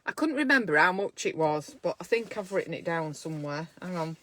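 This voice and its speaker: A woman's voice: on the low side, animated, fairly quick, fairly bright tone, dry recording. A woman who is a midwife, talking casually to camera in a self-care vlog, chatty and encouraging as she thinks aloud from a small room at home.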